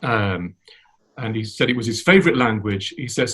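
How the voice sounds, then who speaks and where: A man's voice: lowish voice, expressive, normal speed, fairly bright tone, a little hiss or hum. A man interviewing a guest, asking loosely phrased, chatty questions. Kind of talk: conversational interview. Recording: muffled lo-fi sound.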